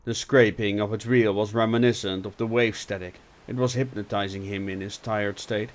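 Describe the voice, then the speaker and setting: A man narrating a fiction audiobook with dramatic swings from loud to hushed. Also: on the low side, fairly even intonation, normal speed. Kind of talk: audiobook narration with character voices.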